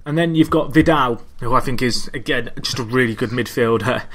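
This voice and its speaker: A man hosting a casual football podcast, giving measured analysis with plenty of hedges like "I think" and "I believe". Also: mid-range voice, a bit bright. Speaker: podcast host.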